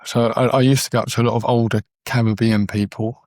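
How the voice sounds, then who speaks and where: A man's voice: mid-range voice, level tone, fast talker, a little mellow, no echo, studio quality. A man, a documentary photographer telling stories as a podcast guest in an earnest, rambling way. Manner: rambling, frequent restarts, earnest. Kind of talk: casual conversational storytelling.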